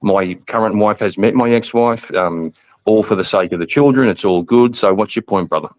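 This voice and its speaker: A man's voice: on the low side, normal speed, poor audio. A man in his fifties on a debate panel, talking bluntly, cussing and cutting in. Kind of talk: casual debate chat.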